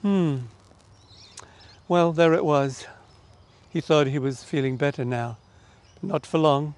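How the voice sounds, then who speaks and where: Taking it slowly with a fairly high pitch, a middle-aged Australian man narrates a children's story for an online church service. He's animated and energetic, asking his audience questions directly.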